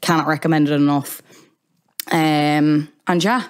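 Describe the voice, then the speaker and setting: A woman's voice: on the low side, brisk. A woman with an Irish accent hosting a podcast, talking casually with wry asides. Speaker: podcast host.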